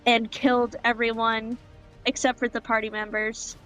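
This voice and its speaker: A woman playing in a tabletop game over a call, slowly and evenly recapping the last session. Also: fairly high pitch, little pitch movement, a bit bright, soft background music, poor audio. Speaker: player. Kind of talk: casual game chat.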